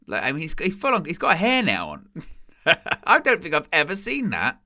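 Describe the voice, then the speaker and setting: A man's voice: on the high side, huge pitch swings, normal speed, sharp tone. A man hosting a live football watchalong, joking, laughing often and reading out the chat. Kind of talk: live match watchalong commentary.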